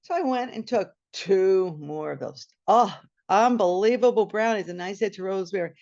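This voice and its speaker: A woman telling a personal story at a storytelling event, animated and acting out the scene, over a video call. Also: medium pitch, normal speed, vocal fry. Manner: animated, laughing, acts out the scene. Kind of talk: personal story told live. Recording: muffled video-call audio.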